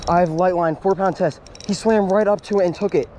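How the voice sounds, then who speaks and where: A young man vlogs his fishing trip beside a small outdoor pond, his voice sitting a little high for a man. He talks in quick, breathless bursts and repeats himself whenever something surprises him. A faint background hiss runs under the outdoor recording from his camera. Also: vocal fry, a little mellow. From Pennsylvania. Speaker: fishing vlogger. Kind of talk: excited outdoor fishing commentary.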